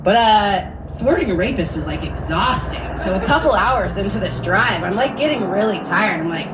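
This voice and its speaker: A woman doing stand-up, telling a crude story in a dry, deadpan way with sudden hushed asides. Her voice sits a little low. She is picked up from a distance, with clear room noise behind her. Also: brisk. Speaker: stand-up comedian.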